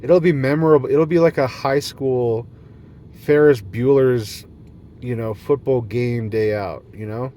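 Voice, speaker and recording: A man's voice: medium pitch, unhurried, warm tone. A man rambling in a silly, free-flowing monologue, jumping between topics and laughing often, recorded outdoors in nature at night. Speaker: vlogger.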